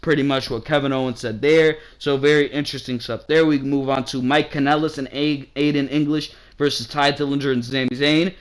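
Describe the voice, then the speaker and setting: A man's voice: medium pitch, fairly even intonation, fairly quick, hardly any pauses. A man ranting through a wrestling show review, swearing often and firing off questions, his throat strained and wearing out. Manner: heated, profane, rhetorical questions.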